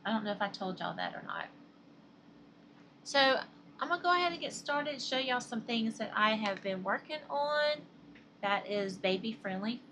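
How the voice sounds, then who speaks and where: A woman's voice: medium pitch, fairly bright tone, a little hiss or hum. A middle-aged woman with a Southern American accent, chatting casually and rambling to her viewers in a crochet vlog, laughing often. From Southern United States. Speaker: crochet vlogger.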